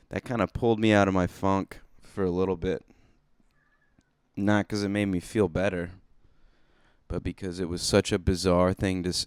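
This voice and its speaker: A man talks alone into his comedy podcast in a deep, low voice. His sound is crisp and smooth, close and dry. He rambles loosely, cursing and poking fun at himself. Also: no echo. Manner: rambling, self-deprecating and profane. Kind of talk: casual solo podcast monologue.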